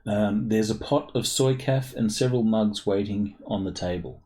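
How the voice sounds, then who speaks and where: A man's voice: lowish voice, moderate pace, dark tone. A man running a tabletop role-playing game as game master, narrating with frequent ums and hesitations.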